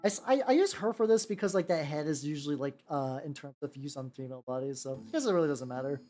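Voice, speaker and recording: A woman's voice: deep voice, expressive, quick pace, mellow. A woman streaming while she paints miniatures, rambling casually, swearing freely and greeting her chat by name. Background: faint background music.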